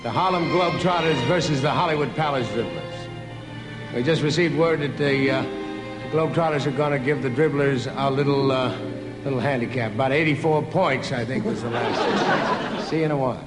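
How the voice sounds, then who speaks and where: A man's voice: mid-range voice, normal speed, over loud music. A man hosting a 1960s TV variety show, easygoing and slipping jokes into his announcements. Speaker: show host. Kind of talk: 1960s TV variety host patter. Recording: long theater reverb, audience and band behind.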